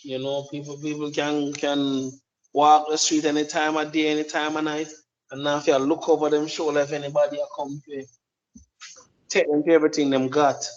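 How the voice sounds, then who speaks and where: Emphatic high-voiced Jamaican man. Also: monotone, fairly quick, highs cut off. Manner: emphatic, preachy, repeats words. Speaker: commentator. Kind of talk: opinion monologue.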